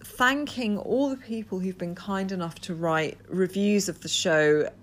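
A woman's voice: medium pitch, measured pace. A woman hosting a solo podcast, talking earnestly and often repeating words as she restarts. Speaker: podcast host.

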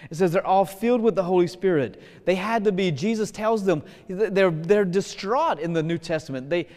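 A high-pitched man preaches a homily as a Catholic priest, loose and conversational, drawing out words for emphasis. His voice rings with a long echo, as if recorded in a large church. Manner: lively, casual preaching that slows for emphasis. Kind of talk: sermon.

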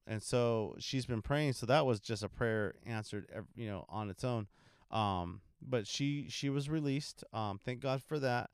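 A young man from California who serves in a church ministry, telling a testimony in a relaxed, rambling way with many ums. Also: medium pitch, clear, resonant tone, dry recording, clean studio sound. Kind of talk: casual testimony talk.

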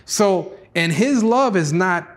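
A man preaching a sermon as pastor, earnest, acting out voices with sudden rises in pitch. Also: takes it slowly. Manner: earnest preaching, acts out God's pleading voice, rises high for excited lines.

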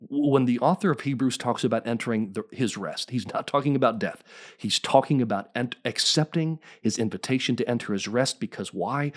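Guy pastor preaching hard, fervent, voice climbing up, keeps asking the crowd stuff. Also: medium pitch. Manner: fervent preaching, rising to near-shouts, call-and-response questions. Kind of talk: sermon.

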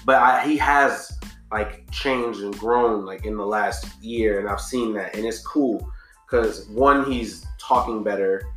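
A man co-hosting a podcast in casual chat, telling relaxed, slangy stories that often trail off and restart. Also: on the low side, takes it slowly, reverberant, soft background music. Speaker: podcast co-host.

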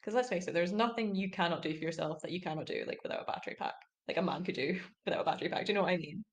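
Fast-talking young woman podcast host. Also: lowish voice. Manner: fast, teasing, jumps in. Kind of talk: casual chat.

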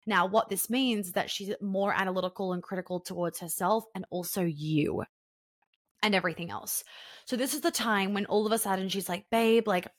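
A woman's voice: medium pitch, a little fast, no echo, studio quality. A young woman talking casually and frankly on a podcast, acting out the voices of people she quotes. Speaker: podcast guest.

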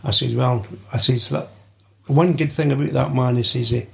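A man's voice: medium pitch, steady tone, moderate pace, vocal fry. An older man with a Scottish accent, a podcast guest telling rambling stories and swearing freely. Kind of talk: anecdotal storytelling.

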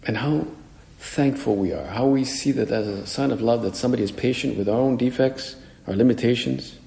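A man's voice: medium pitch, brisk, vocal fry, dark tone. A man, a priest, preaching a homily in a conversational way and acting out the voices he quotes. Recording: echoey hall with long reverb.

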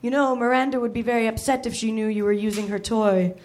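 A woman's voice: a little high, fairly even intonation, quick pace, darkish tone, natural voice. A woman voicing a smug, lecherous man who barks commands. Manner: smirking, bossy commands.

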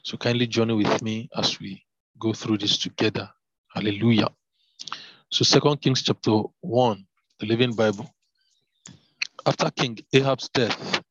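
A man reading scripture aloud, with fervent asides and halting fillers between passages. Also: on the low side, fairly bright tone, breathy edge, no echo. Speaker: Bible reader. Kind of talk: devotional Bible reading with commentary. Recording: dull lo-fi, dry.

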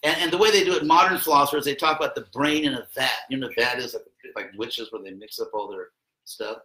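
A man's voice: mid-range voice, steady tone, fast, bright, forceful tone, echoey room, low-quality recording. A man giving an informal classroom lecture in a rambling, conversational way, with wry asides.

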